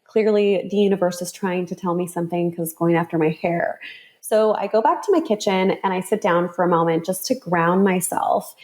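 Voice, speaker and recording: A woman guest on an interview show, telling a personal story in a vivid, expressive way. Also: fairly low pitch, a little fast.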